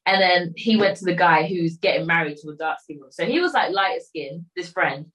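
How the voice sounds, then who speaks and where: A woman's voice: fairly low pitch, brisk, few pauses, a bit bright, poor audio. A woman, casually retelling a film plot in a rambling way, acting out the lines of the people in it. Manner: rambling retelling with quoted voices and filler. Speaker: storyteller recapping a film. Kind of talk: casual chat.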